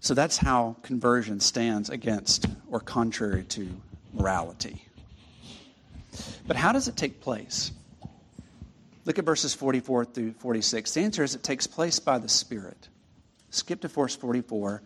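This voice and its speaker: A man preaching a sermon in a conversational, halting way with frequent restarts. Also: medium pitch, animated, a bit bright, husky.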